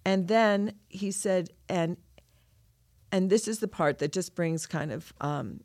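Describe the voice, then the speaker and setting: A woman's voice: on the low side, takes it slowly, darkish tone, dry recording, clean studio sound. A woman co-hosting a scripture lesson, talking through a passage in an earnest, heartfelt way. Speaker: podcast co-host teaching scripture. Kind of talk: reflective scripture discussion.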